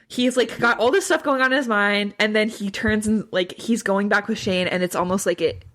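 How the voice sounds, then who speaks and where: A woman co-hosting a podcast, emphatic and quick to agree as she recaps a TV episode and acts out quotes. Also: mid-range voice, a bit bright. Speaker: podcast co-host. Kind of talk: casual chat recapping a TV episode.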